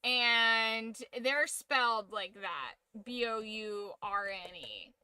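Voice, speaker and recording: A woman's voice: on the high side, expressive, slow pace, bright, forceful tone, clear, resonant tone, no room sound. A woman streaming a game, chatting casually with rambling, joking, opinionated asides. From United States. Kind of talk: casual chat while gaming on stream.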